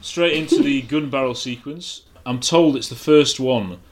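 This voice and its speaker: A man's voice: mid-range voice, a little slow, a little hiss or hum. A man on a podcast panel, making wry joking asides in casual chat.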